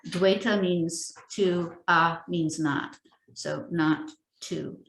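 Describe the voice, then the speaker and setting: A middle-aged woman giving an informal spiritual teaching, explaining gently and haltingly with many pauses and self-corrections. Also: on the low side, fairly even intonation, gravelly. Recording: roomy echo.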